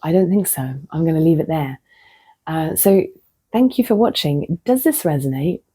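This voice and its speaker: A woman's voice: sits low, very animated, normal speed, husky. A woman talking to camera in a casual, reflective monologue, telling stories frankly, poking fun at herself and sometimes dropping to a near-whisper. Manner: candid, self-mocking storytelling with soft drops into near-whispers. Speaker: vlogger.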